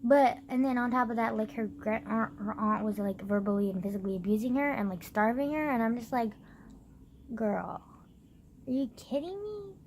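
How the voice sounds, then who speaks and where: A woman's voice: on the high side, quick pace, hardly any pauses, darkish tone, slight background noise. Exasperated young woman ranting, fillers throughout. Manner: exasperated, sarcastic, heavy use of "like", swears; mocks others in exaggerated put-on voices. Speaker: vlogger. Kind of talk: casual rant.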